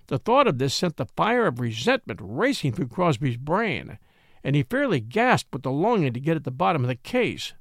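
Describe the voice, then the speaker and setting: A man narrating an audiobook in an expressive, animated reading. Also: fairly high pitch, no room sound, clean studio sound. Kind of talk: scripted narration.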